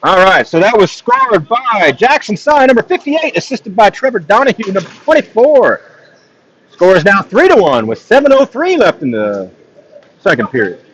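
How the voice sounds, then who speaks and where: A man doing solo play-by-play of a ball hockey game, joking with chat between plays and rising in excitement on big plays. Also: sits high, moderate pace, slightly rough, dull audio. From not from Texas. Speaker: play-by-play commentator. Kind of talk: solo live sports commentary with chat asides.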